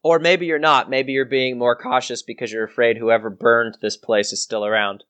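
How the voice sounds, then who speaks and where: A man narrating a tabletop game as game master, descriptive and unhurried with frequent restarts. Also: mid-range voice, steady tone, a bit bright, smooth.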